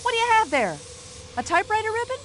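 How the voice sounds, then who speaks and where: Brassy older American widow, game role, bright lively nagging voice. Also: female voice, very high voice, fast, a little hiss or hum, heavily acted. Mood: indignant. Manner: indignant, nosy, fussy complaining chatter. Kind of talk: video game voice acting.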